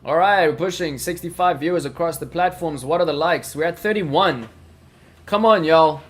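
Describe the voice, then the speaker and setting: A man's voice: a little high, normal speed, soft background music. A man hosting a live crypto trading stream, talking energetically through charts and answering viewers in chat. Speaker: crypto livestream host.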